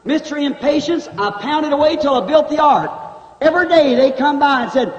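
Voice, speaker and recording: Fervent high-voiced preacher man. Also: lively intonation, normal speed. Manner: fervent, folksy country grammar. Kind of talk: revival sermon. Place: church hall. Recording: echoey hall, dull old tape.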